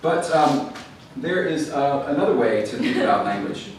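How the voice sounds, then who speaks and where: A man with a medium-pitched, expressive voice lectures to a live audience in a library event hall at a moderate pace. He tells stories chattily with fillers and restarts, and the distant mic picks up hall echo and faint noise.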